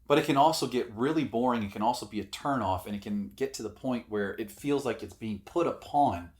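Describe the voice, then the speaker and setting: A man's voice: on the low side, darkish tone. Emphatic man giving acting tips. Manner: emphatic, swears casually, acts out examples. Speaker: acting coach. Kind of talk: casual spoken acting advice.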